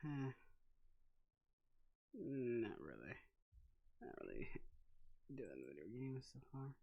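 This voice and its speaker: Man chatting on a livestream with loud outbursts. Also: mid-range voice, big pitch swings, slow, gravelly, dull audio. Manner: laughs often, jumps into loud outbursts. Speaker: livestream host. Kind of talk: casual livestream chat reading viewer comments.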